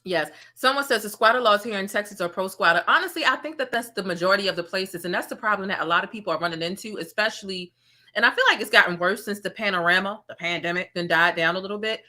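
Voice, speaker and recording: A sassy woman hosts a casual gossip commentary. She talks straight to her viewers in an animated way. Her voice is bright and forceful, at an average pitch. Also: fast. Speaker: commentary channel host.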